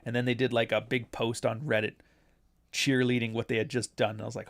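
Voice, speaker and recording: A man from Canada hosting a casual livestream, talking bluntly and with sarcasm. His voice sits at a middle pitch. He often breaks into laughter at his own jokes. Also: fast. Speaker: commentary streamer.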